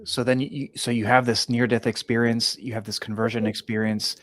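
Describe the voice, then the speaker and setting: A man's voice: mid-range voice, little pitch movement, a little fast. A man hosting an interview, stammering through restarts and answering with short affirmations. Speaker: host. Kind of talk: podcast interview.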